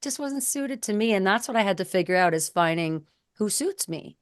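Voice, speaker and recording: A middle-aged woman co-hosting a candid conversation, blunt and animated as she tells stories. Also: mid-range voice, moderate pace, no echo, studio quality. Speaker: co-host.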